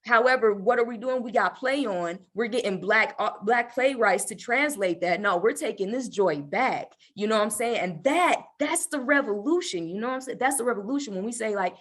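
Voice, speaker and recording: A woman's voice: on the high side, animated, fairly quick, hardly any pauses, a bit bright. A woman panelist speaking fervently on a video call, rambling with lots of fillers. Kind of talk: impassioned casual talk.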